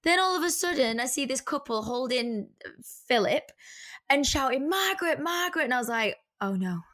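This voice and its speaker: A woman's voice: fairly high pitch, moderate pace. A young English woman chatting casually, telling a story with acted-out voices. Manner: expressive storyteller, acts out voices. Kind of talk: casual chat.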